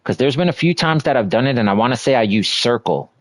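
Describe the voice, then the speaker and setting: A man's voice: mid-range voice, expressive, quick pace, no room sound. A young man chatting casually on a gaming livestream, rambling and filler-heavy, often laughing at himself. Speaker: streamer.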